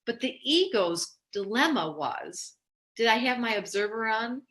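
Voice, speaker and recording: A woman astrologer giving a casual, animated spoken lesson, telling candid stories in an expressive way. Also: a little high, unhurried. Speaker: astrologer teaching.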